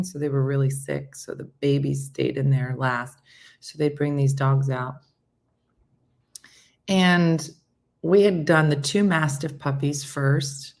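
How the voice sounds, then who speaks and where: A woman hosting a morning show, chatting casually and telling a rambling, animated story with acted-out quotes. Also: low-pitched.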